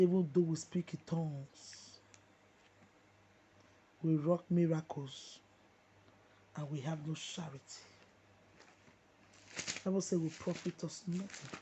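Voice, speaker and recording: A woman's voice: sits low, mellow, a little hiss or hum. A woman with a Nigerian accent delivering an impassioned, repetitive preaching monologue. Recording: muffled lo-fi recording.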